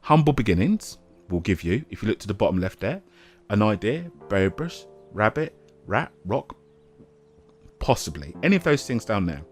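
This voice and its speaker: A man giving casual, self-mocking commentary over a game he is playing, now and then breaking into a shout. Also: on the low side, very animated, moderate pace, faint music behind. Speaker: gaming YouTuber.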